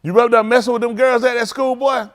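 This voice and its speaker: Speaking quickly, a man leading a service in a congregation hall teases the young people and calls them out by name. His lively high voice jumps into mock singing, and his informal sermon with youth check-ins carries Southern Black vernacular phrasing.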